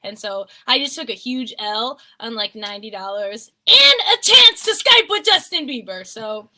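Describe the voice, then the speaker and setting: A woman's voice: fairly high pitch, sing-song, moderate pace, pushed and bright. A woman in her twenties co-hosting a live stream, chatting in a rambling way and laughing often. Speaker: co-host of a clothing resale channel. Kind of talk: casual live-stream haul chat.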